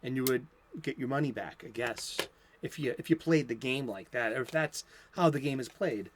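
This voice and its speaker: A man's voice: medium pitch, moderate pace, background noise. A man hosting a daily comic book talk show, chatting loosely and enthusiastically with many restarts and fillers, recorded lo-fi at home. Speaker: comic book channel host. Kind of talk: unscripted casual chat.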